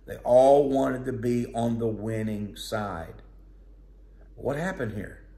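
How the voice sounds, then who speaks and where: A man's voice: medium pitch, takes it slowly, vocal fry, mellow. A man delivers a conversational, plainspoken sermon with a mid-range voice. His words ring in an echoey room. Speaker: preacher.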